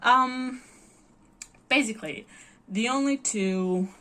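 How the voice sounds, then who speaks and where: A woman's voice: fairly high pitch, takes it slowly, bright, forceful tone. A Portuguese woman in her early twenties, a native Portuguese speaker, chatting casually and gushing with giggles as a book vlogger. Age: early 20s. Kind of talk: casual chat.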